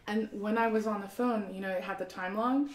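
A young adult woman, an artist guest, telling a story in an excitable, rambling way with frequent laughter and fillers. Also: medium pitch, brisk. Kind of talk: animated storytelling. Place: art studio. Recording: roomy, distant mic, faint ambience.

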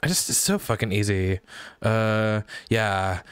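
A man delivers a satirical comedy rant in an exaggerated Valley Girl voice, rambling and giggling. His natural voice sits low and smooth, and it sounds dry and close. He breaks into sudden high squeals now and then. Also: fairly even intonation, a little slow, fairly bright tone, no room sound. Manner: high squeals between sentences. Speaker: YouTuber.

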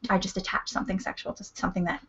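A woman's voice: mid-range voice, level tone, very fast, a bit bright, husky, highs cut off. A woman with a Canadian accent, a documentary filmmaker chatting as a guest, explaining things earnestly and dropping into whispers now and then. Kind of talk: casual chat.

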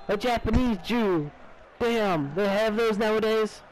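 A teenage young man playing a soccer video game, shouting boastful trash talk. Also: sits high, measured pace, a little hiss or hum, low-quality recording. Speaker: gamer. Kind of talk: casual gaming banter.

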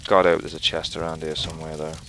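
Sweary man with a gravelly low voice. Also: little pitch movement, fast talker, fairly bright tone, slight background noise. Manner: profane, sarcastic, joking asides. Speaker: let's play host. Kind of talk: gameplay commentary.

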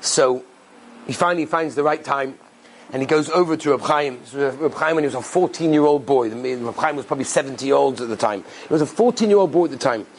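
A male rabbi telling an inspirational story in an animated way, repeating phrases for emphasis. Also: mid-range voice, fast, a little hiss or hum, low-quality recording.

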